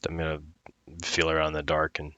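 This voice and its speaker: A man's voice: very deep voice, monotone, a little fast, pushed and bright, no room sound. A young man playing a tabletop game in a laid-back way, laughing often. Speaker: player.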